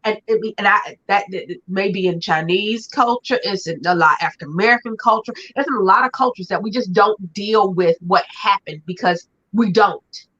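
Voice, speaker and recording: Bright, lively woman host. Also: mid-range voice, normal speed, few pauses. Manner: expressive, vivid everyday metaphors and playful asides. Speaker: podcast host. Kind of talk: casual conversational chat. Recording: dull lo-fi sound.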